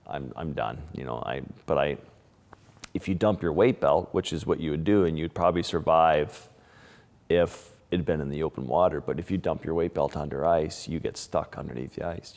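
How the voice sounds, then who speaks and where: A man's voice: deep voice, darkish tone, big-room sound. A Canadian-born man, a wildlife photographer, telling stories in an interview. He restarts his sentences often and uses lots of fillers. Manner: vivid, restless retelling with many restarts and fillers. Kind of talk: storytelling in a casual interview.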